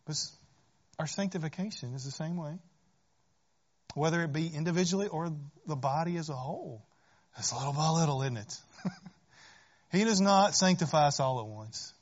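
A man's voice: fairly high pitch, moderate pace, long pauses. A man preaching a sermon in an earnest manner, often rising into fervent pleas and asking "right?". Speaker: pastor. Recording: dull lo-fi recording.

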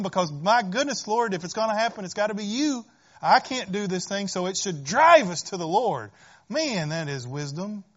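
Earnest man preaching a sermon, lo-fi. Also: sits high. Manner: earnest, rises to fervent pleas with frequent "right?". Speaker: pastor. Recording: dull lo-fi recording.

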